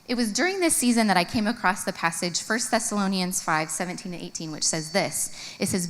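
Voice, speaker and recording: A woman's voice: fast talker, few pauses. A woman in her thirties speaking at a conference, telling an earnest personal story and reading from her journal. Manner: earnest, storytelling, expressive swings in pitch. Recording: long hall reverb.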